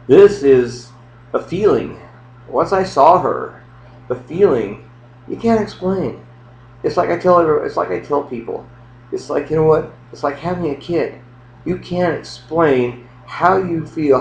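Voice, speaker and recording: A man in his sixties tells his own life story in a casual, rambling, heartfelt way, full of "you know" and "I mean.". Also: medium pitch. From United States. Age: 60s. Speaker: adoptee telling his story. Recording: roomy, dull lo-fi home recording.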